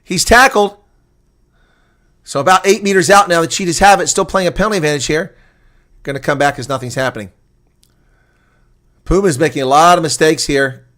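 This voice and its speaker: A man giving live watch-along rugby play-by-play, swinging from calm asides to excited shouting on breaks. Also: a little high, fairly quick, pauses often. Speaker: rugby commentator.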